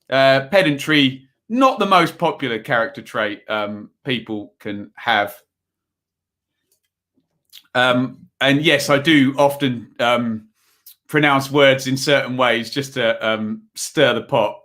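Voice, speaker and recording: Bright-voiced chatty livestream host. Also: male voice, medium pitch. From Ipswich, England. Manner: chatty, rambling, reads chat aloud, many ums. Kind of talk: casual live football commentary and chat.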